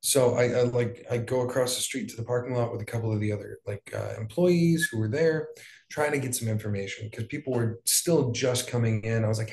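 A young man from Hawaii recounts events in loose, casual talk, stopping for fillers and dropping curse words as he goes. His voice sits in an ordinary middle pitch. The room around him rings with a noticeable echo. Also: a little fast, vocal fry, a little mellow. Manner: loose, profane, rambling with fillers. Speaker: wildfire survivor guest. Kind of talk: casual storytelling. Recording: echoey room.

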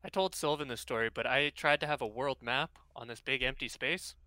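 A man's voice: medium pitch, fairly quick, pushed and bright. A man on a podcast with friends, joking crudely and exaggerating his stories. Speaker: podcast co-host. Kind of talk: casual chat.

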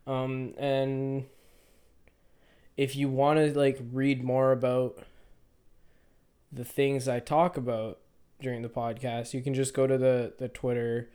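A young man in his twenties talks alone into his podcast mic, unscripted and unedited. His voice is smooth and resonant at an ordinary middle pitch. He rambles, stops, restarts and corrects himself as he goes. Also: flat delivery, warm tone. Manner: rambling, halting, self-correcting. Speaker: podcast host. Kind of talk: unedited solo podcast monologue.

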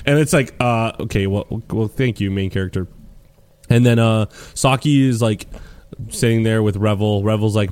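A man's voice: lowish voice, steady tone, normal speed, a little mellow. A man co-hosting a casual anime podcast, rambling through an episode recap and swearing freely. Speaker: podcast co-host.

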